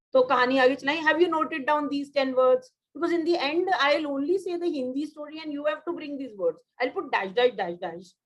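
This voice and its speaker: A woman's voice: sits high, low-quality recording. Indian woman teaching vocabulary, Hindi-English mix. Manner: repeats words, mixes Hindi and English. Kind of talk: online class teaching.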